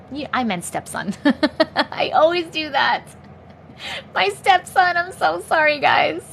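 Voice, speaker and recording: A woman's voice: high-pitched, fairly bright tone, slight background noise. A young adult woman hosting a casual livestream chat from home, chatty, laughing often and swearing freely. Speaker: livestream host.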